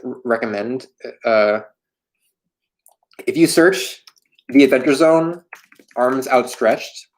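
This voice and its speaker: A young man from Florida hosting a livestream, answering viewer questions in a candid, self-deprecating, rambling way. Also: mid-range voice. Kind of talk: casual livestream chat. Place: home in New York.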